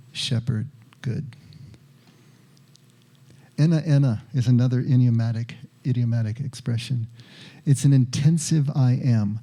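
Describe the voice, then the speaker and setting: A man preaching a sermon as pastor, measured and repeating key words for emphasis. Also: medium pitch, dark tone.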